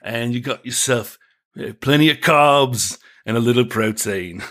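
A man's voice: medium pitch, measured pace, a bit bright. A man playing a boozy island pub bloke. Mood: cheerfully matter-of-fact. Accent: British, shifting toward Liverpool. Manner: cheerfully casual about grisly things, laughs often. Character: drunken male pub regular from a pagan island. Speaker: improv character guest. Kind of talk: comedic improv character interview.

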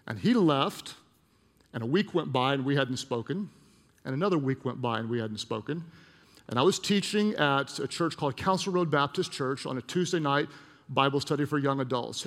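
A middle-aged male pastor preaches a storytelling sermon, sharing a personal story with emotion and making asides to the congregation. His mid-range voice is brisk with lively intonation, and a long hall reverb fills the recording.

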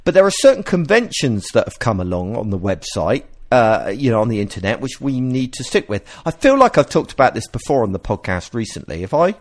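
A man hosting a podcast, explaining ideas in a casual, animated way and often restarting his sentences. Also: medium pitch, fairly quick, few pauses. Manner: animated, explanatory, self-interrupting. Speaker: podcast host.

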